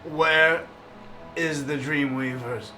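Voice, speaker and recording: A man playing a tabletop game who talks plainly and to the point. His voice is bright and forceful, with faint music behind. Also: a little high, fairly even intonation, takes it slowly, distant mic, low-quality recording. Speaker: player.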